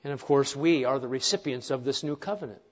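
A man's voice: medium pitch, quick pace, highs cut off. A man preaching a sermon to his congregation, earnest, with rhetorical questions and wry asides. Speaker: pastor.

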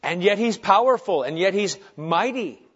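A middle-aged man preaching a sermon as pastor, swinging between loud urgent delivery and soft hushed tenderness. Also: sits high, lively intonation, normal speed. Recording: dull lo-fi sermon recording.

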